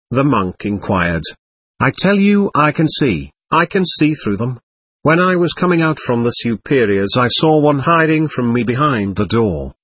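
A grim old hermit monk scorns the world in a husky, dry voice, read by a man. He lays down his judgments sternly, like a storybook prophet, in an even middle register. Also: medium pitch, no room sound, full character voice. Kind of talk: audiobook character reading.

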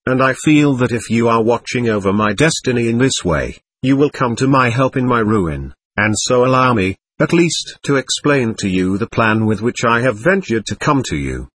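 A man voicing a desperate, nervous young man who pleads frantically and overly politely, with a husky voice. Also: medium pitch, expressive, moderate pace, few pauses, fairly bright tone, no room sound. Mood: pleading.

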